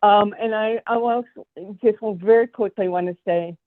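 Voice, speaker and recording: A woman's voice: mid-range voice, normal speed, dry recording. A woman in the audience asking an earnest, insistent question. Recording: tinny dry phone line.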